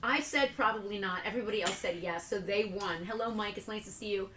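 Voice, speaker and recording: A woman's voice: mid-range voice, fast talker. A woman with a scratchy voice co-hosting a casual toy store livestream, chatty and joking as she rambles. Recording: echoey room.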